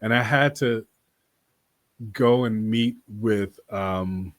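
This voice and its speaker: A man's voice: fairly low pitch, drawn-out words, no echo. A man from Boston, an actor guest telling stories in a casual interview, rambling and laughing often.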